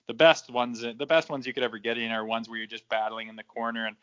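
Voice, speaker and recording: A man's voice: medium pitch, flat delivery, quick pace, a bit bright, smooth, muffled recording. A man in his thirties, a former hockey enforcer, swearing freely and acting out the dialogue while telling stories as a podcast guest. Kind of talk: casual storytelling in a podcast interview.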